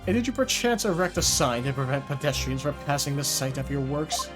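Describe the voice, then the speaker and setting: A man's voice: fairly high pitch, animated, a little fast, lightly acted. A man playing a pompous British prosecutor. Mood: scornful. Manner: pompous, archaic phrasing. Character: haughty British prosecutor, aristocratic and scornful. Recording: game music behind.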